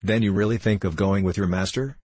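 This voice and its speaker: A stubborn, skeptical gentleman hunter, as a narrator plays him, gruff and blunt as he brushes off every argument. The voice is low and husky, set close and dry for a storybook reading. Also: fairly even intonation, brisk, no echo, natural voice.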